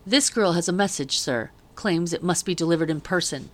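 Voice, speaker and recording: A woman voicing a tired male soldier on guard duty who talks slowly and offhandedly. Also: lowish voice, close to an everyday voice. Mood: weary.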